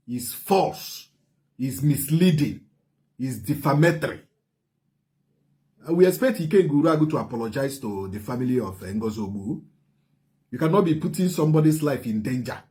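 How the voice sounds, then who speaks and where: A man's voice: medium pitch, a little mellow. A man with a Nigerian Igbo accent giving heated commentary, emphatic and repetitive, switching between Igbo and English. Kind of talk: heated social media commentary.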